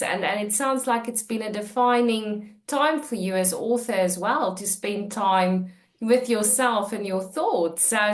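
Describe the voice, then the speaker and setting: Woman interview host, mid pitch, encouraging, laughs easily, echoey room. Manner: warmly encouraging, laughs often. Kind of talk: casual interview talk.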